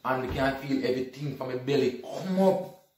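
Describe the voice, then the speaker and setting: A man's voice: medium pitch, normal speed. A man, retelling an event casually and acting out the dialogue as he goes. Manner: animated, acts out dialogue, repeats "you see me". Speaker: storyteller. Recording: echoey room, distant from mic.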